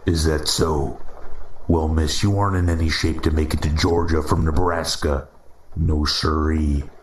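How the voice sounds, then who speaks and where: A man's voice: rumbling low, flat delivery, roomy sound, slight background noise. A man doing a drawling Midwestern cop. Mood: insistent. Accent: Midwestern American. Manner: slow drawl. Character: drawling male night-patrol cop, insistent.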